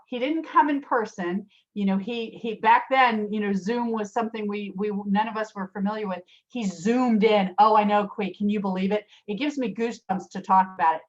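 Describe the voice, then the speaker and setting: Woman, workshop presenter, chatty, lots of fillers, mid-pitched, slightly dull video-call sound. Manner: chatty, many fillers and restarts, addresses attendees by name. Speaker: special education teacher. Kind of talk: virtual workshop talk with storytelling.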